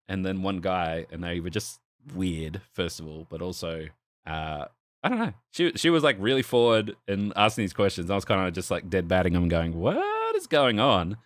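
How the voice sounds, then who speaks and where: A young man on a podcast, a low voice that swings widely in pitch as he acts out the people in his story. He swears freely and laughs often, sounding close and dry on the mic. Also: pushed and bright, dry recording. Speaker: podcast co-host. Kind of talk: casual podcast chat, storytelling. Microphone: desk microphone with arm.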